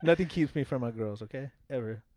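A man's voice: medium pitch, quick pace, mellow, a little hiss or hum. A man co-hosting a podcast in casual chat, rambling with restarts and heavy swearing. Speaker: podcast co-host.

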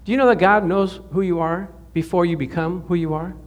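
A high-pitched man gives a sermon in a storytelling manner. He often laughs and restarts his words, and his voice jumps up sharply when he acts out cries of prayer. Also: steady tone, a little fast. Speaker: pastor.

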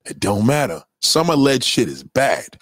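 A man hosting a casual livestream rant, profane and animated, often putting on the voices of the people he quotes. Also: medium pitch, unhurried, no room sound, clean studio sound. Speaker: live stream host.

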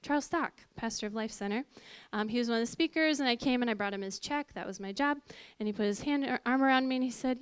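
A woman telling a personal testimony to an audience in a lively storytelling way, acting out what people said. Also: quick pace, hardly any pauses, clean tone, dry recording. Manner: lively, acts out quoted voices with big pitch jumps. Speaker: speaker giving a personal testimony.

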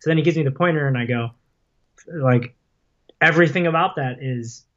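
A podcast guest who plays paintball and vlogs tells rambling stories in casual conversation, full of "like" and "um." His voice is a little high, fairly quick and a bit bright, on a dull lo-fi recording.

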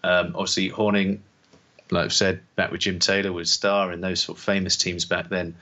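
A man's voice: low voice, flat delivery, moderate pace, bright, forceful tone, highs cut off. A man co-hosting a podcast in casual sports chat, teasing and laughing easily. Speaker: podcast co-host.

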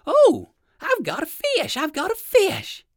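A man voicing a kindly old gentleman rabbit in a storybook reading, with high, excited exclamations. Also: moderate pace, dry recording, studio quality.

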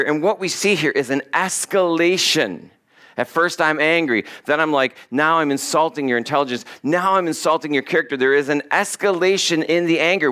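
A man's voice: fairly high pitch, a bit bright. Conversational man preaching a sermon. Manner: conversational and joking, reading scripture aloud. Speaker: pastor.

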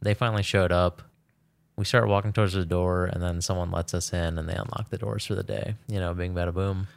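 Male co-host, low gravelly voice, relaxed rambling storyteller. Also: fairly quick. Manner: laid-back storyteller, lots of fillers. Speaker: podcast co-host. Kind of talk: casual chat.

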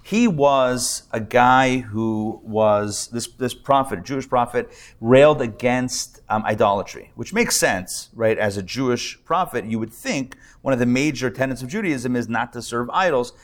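Unhurried and barely pausing, the rabbi's mid-range voice carries his live lecture to an adult audience. He talks conversationally, restarting and repeating words often, and drops in wry humorous asides.

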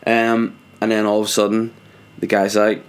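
Sweary, rambling man, lowish voice. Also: monotone, normal speed, clear, resonant tone. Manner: rambling, sweary, self-mocking. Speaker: vlogger, father. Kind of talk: casual anecdotal monologue.

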